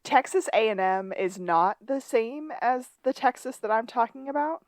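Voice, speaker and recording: Her voice sits fairly high and sounds animated at a moderate pace, with no echo. As a podcast co-host, she casually rehashes a TV episode for a rewatch chat, chatty and full of playful asides as she recounts scenes.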